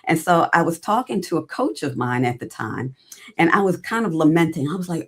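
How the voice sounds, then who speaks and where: Her voice is fairly low and a little fast. A middle-aged recruiting entrepreneur guesting on a podcast, she animatedly and casually narrates her career, performing her own past exchanges.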